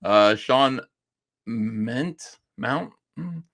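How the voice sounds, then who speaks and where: A man's voice: medium pitch, lively intonation, moderate pace, fairly bright tone. A middle-aged man hosting a stream, rambling and mocking as he gives a casual, profane rant. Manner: mimics others in raised voice when quoting. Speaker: streamer host.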